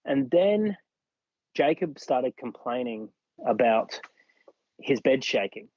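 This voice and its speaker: An Australian man appears as a podcast guest, telling a story from his own life and acting out what other people said. His mid-range voice is sing-song, slow, and slightly mellow, recorded with no room sound and the highs cut off.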